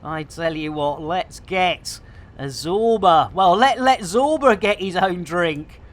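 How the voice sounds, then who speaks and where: A woman streaming live, chatting casually in a bubbly, jokey way, with bursts of shouting and laughter. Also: lowish voice, expressive, slow.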